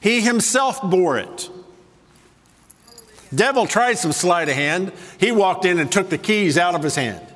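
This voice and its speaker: A man preaches a sermon in a somewhat raised voice, slowing and softening for emphasis, then speeding into quick asides to the room. The sound carries a long reverb from the large church hall. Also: high voice, lively intonation. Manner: swings between soft slow emphasis and quick asides to the congregation. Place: church sanctuary with a congregation.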